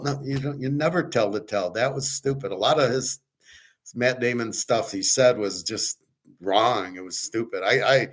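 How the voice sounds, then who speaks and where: A man's voice: mid-range voice, moderate pace, a bit bright. A man hosting a casual market commentary stream, talking bluntly and rambling, with frequent swearing. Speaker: host.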